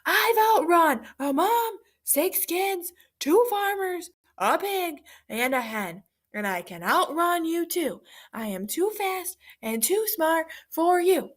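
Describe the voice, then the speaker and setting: A woman voicing a boastful runaway male pancake who shouts his brags in a storybook read-aloud. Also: a little high, a little slow. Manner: shouting, bragging.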